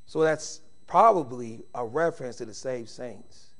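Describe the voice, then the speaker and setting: A middle-aged man preaching a sermon, swinging from shouted emphasis to quiet, intimate speech, with informal Southern-style phrasing. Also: medium pitch, unhurried.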